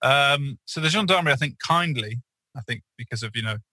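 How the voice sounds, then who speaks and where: A man's voice: medium pitch, lively intonation, a little fast, pushed and bright, dry recording, rough recording. A man co-hosting a podcast, telling a rambling story in casual chat with many fillers and restarts. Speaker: podcast co-host.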